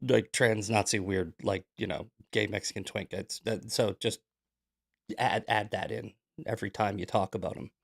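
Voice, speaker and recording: Gravelly-voiced man hosting a loose stream. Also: lowish voice, steady tone, moderate pace. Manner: loose, rambling, jokey asides while fixing tech. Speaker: news commentary host. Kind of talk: casual live-stream commentary.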